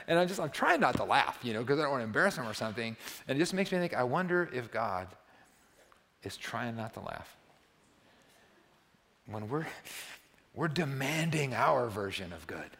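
Here a pastor in his sixties gives a conversational sermon in a church sanctuary, leaning on "right?" and climbing to emphatic peaks. His mid-range voice swings widely in pitch, moves at a moderate pace with frequent pauses, and sounds a bit bright, with long church-hall reverb.

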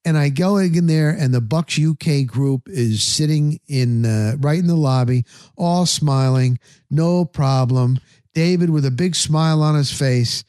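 Middle-aged man, sports talk host, casual rambling story, animated, slightly high pitch, dry recording. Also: a little slow, smooth, no echo. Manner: animated, acts out his own thoughts in quotes. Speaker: sports radio and podcast host.

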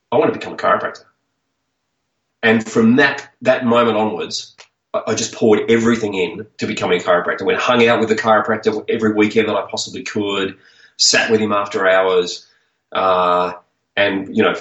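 A man's voice: lowish voice, a bit bright. A man with an Australian accent, a chiropractor and author, telling his story as a podcast guest in an earnest, enthusiastic way. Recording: dull, roomy audio from a distance.

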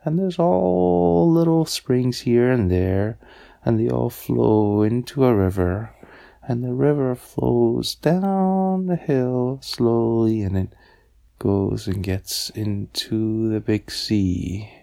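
A man voicing a calm, knowing male frog in a bedtime story, explaining things patiently in a gravelly voice. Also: mid-range voice, slow.

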